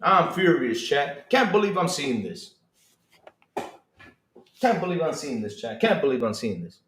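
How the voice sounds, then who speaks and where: A man streaming a casual reaction to his chat, excitable and full of mock outrage. His high voice swings up and down a lot, and it rings in an echoey room. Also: measured pace, a little hiss or hum. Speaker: streamer host.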